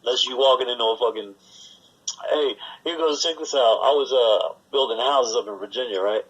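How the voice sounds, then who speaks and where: A man's voice: mid-range voice, fairly quick, a bit bright, husky, low-quality recording. A man co-hosting a podcast, rambling through work stories in casual, profane chat and acting out the voices of the people in them. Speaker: podcast co-host.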